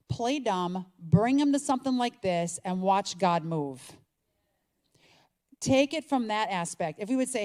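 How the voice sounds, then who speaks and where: A middle-aged woman giving a chatty talk to an audience, animated and acting out little exchanges. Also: mid-range voice, normal speed. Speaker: speaker. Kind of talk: conference talk.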